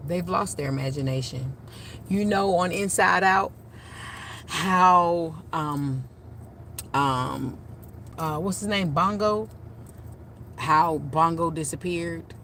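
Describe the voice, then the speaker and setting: Animated lower-voiced woman telling stories. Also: a little hiss or hum. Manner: animated, repeats "literally" and "you know"; acts out her own retorts with rising emphasis. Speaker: vlogger and childcare worker. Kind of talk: casual storytelling to camera.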